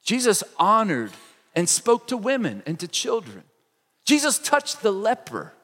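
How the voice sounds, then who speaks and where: Lively high-voiced man preaching. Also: long reverb tail. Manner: expressive preaching, acts out quoted lines. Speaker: pastor. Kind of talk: sermon.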